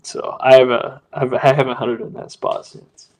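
A man's voice: medium pitch, level tone, normal speed, darkish tone, rough recording. A man hosting a podcast, telling a story in a laid-back, slangy way, leaning on "like" and "dude.". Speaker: podcast host. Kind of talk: casual storytelling chat.

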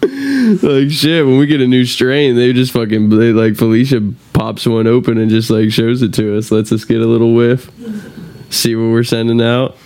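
Male co-host, mid pitch, easygoing, quick to laugh, profane banter. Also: darkish tone. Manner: laughs often, joking reactions. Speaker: podcast co-host. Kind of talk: casual chat.

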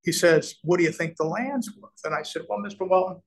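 A middle-aged man from Nebraska recounts his deals in a lively interview, voicing the people he quotes. His voice sits a little high, and he often restarts his sentences while the story runs. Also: brisk, poor audio. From Nebraska, USA. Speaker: real estate developer, guest.

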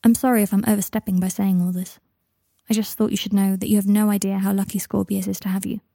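A woman voicing an earnest young man in a storybook reading, gentle and sincere. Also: medium pitch, level tone, fast talker, vocal fry, dry recording, clean studio sound. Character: young man writing a heartfelt letter.

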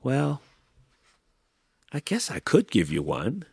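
A man voicing a grumpy, prickly male cactus who shouts at visitors, reading a children's book aloud. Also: medium pitch, wildly swooping pitch, slow pace, dry recording, studio quality, voice pushed up, heavily acted. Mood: grudging. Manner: shouting, gruff and irritable.

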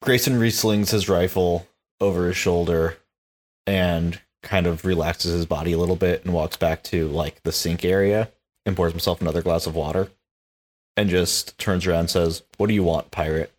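A deep-voiced man speaks as a player in a tabletop game. He describes his character's moves in a casual, plain way. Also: steady tone, moderate pace.

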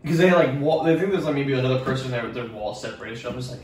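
Racing along in a medium-pitched, somewhat dark voice, a young male podcast co-host rambles about his school days, cursing freely and acting out what people said. The mic is distant, the room echoes, and there's faint noise.

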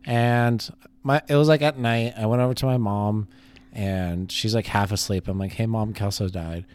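A man's voice: fairly low pitch, steady tone, moderate pace, darkish tone, smooth. A young man from Los Angeles co-hosting a podcast, telling a rambling story in casual chat and laughing often. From Los Angeles area. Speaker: podcast co-host.

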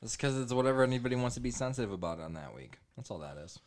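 A man's voice: mid-range voice, sing-song, rapid-fire. A man, a stand-up comedian, chatting casually and telling stories with a laugh. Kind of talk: casual chat.

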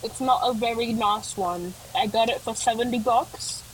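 A young woman co-hosting a casual podcast, drifting through loose stories with plenty of fillers. Her voice is on the higher side, and a faint hiss of noise sits behind it. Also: normal speed, poor audio. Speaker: podcast co-host. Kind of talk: casual chat.

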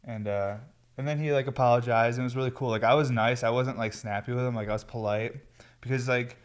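A man's voice: medium pitch, fairly even intonation, quick pace, clean tone. A stoned man hosting a podcast from his garage, rambling in a laid-back way and swearing freely. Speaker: podcast host. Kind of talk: casual rambling chat. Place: home garage.

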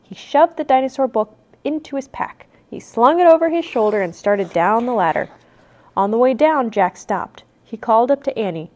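A mother reads a children's storybook aloud with an animated, expressive delivery. Her voice sits somewhat high. Her pitch rises and falls in wide, lively swings. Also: moderate pace.

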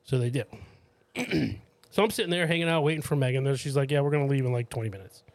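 A man's voice: fast, creaky, no room sound. A man co-hosting a podcast, telling a story in casual chat and acting out the people in it, with casual swearing and many restarts. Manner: animated storyteller, acts out quoted people in a higher voice. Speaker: podcast co-host.

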